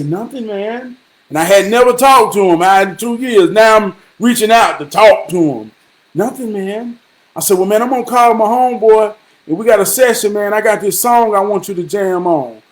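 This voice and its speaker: A man casually telling a story to his viewers in a rambling, repetitive and profane way, slipping into preachy advice. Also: high-pitched. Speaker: vlogger.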